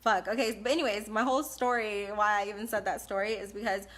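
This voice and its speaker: This woman in her thirties from California hosts a live Q&A, chatting casually and bluntly with lots of laughs. She speaks quickly at a medium pitch, her intonation fairly even and her tone slightly bright.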